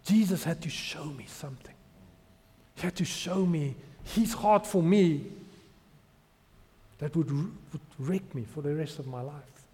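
A man's voice: on the high side, a little slow, pauses often, darkish tone. A man in his thirties preaching a sermon, telling his testimony with emotional, rising emphasis. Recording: long hall reverb.

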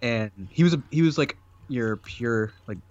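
A man's voice: mid-range voice, normal speed, darkish tone, muffled recording. A man co-hosting a casual podcast chat, talking loosely with lots of fillers and frequent laughs. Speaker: podcast co-host.

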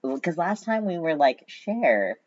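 A woman's voice: low-pitched, sing-song, a little slow, a little mellow. Casual podcast co-host, woman, rambling and joking, dull lo-fi sound. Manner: rambling, self-mocking, lots of "like". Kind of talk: casual chat. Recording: dull lo-fi recording.

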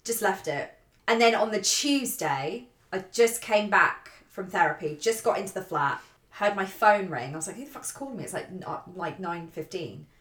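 A woman on a casual podcast, telling a dating story in a lively, swearing, animated way and acting out what she said. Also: fairly low pitch, moderate pace. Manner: swearing, animated storyteller, acts out her own quotes. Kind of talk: casual chat. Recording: echoey room.

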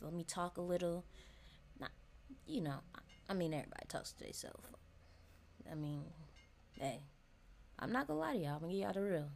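Chatty young woman podcasting solo. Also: fairly low pitch. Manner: chatty, frank, addresses listeners as y'all. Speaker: podcast host. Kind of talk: casual solo podcast monologue.

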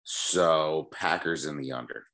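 A man co-hosting a casual sports betting chat, ribbing the others with a dry deadpan. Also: extremely low pitch, measured pace. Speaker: podcast co-host.

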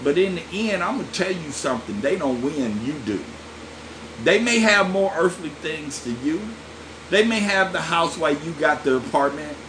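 A man preaching with a swinging, animated voice that sits a little higher than most. He keeps it folksy and chatty, tossing asides straight to his listeners. A faint hiss of noise sits under the recording. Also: moderate pace. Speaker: pastor. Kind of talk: sermon.

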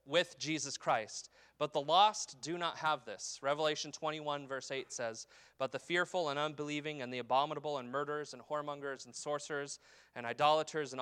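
A man preaching a sermon with a bright, forceful and crisp voice pitched a little high. He reads scripture in a slow, falling cadence, then explains it with emphatic rises and drops, often checking in with "okay?". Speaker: pastor.

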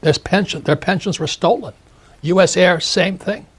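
An older man in his seventies, a husky-voiced author giving an interview, ranting emphatically and repeating phrases. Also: sits high, moderate pace. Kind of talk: opinionated interview talk.

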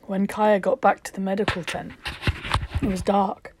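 A woman narrating a storybook in a calm, measured way, at times dropping to a whisper. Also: mid-range voice, background noise.

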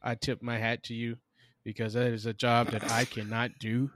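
Podcast guy ranting thru a work story, swears a lot, mid pitch, dead dry mic. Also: little pitch movement, moderate pace, fairly bright tone, no room sound. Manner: profane storyteller who acts out both sides of arguments. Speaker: podcast co-host. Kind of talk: casual chat.

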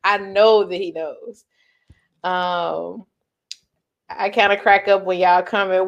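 A woman co-host talking in in a loose, casual chat. She swears freely and breaks into laughter often. Her voice sits at a middle pitch. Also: steady tone, takes it slowly, gravelly, long pauses. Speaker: podcast co-host.

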